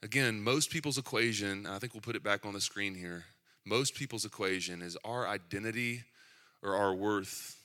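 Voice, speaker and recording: Bright-voiced pastor preaching to his church. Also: fairly low pitch, moderate pace. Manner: conversational, self-deprecating asides. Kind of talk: sermon.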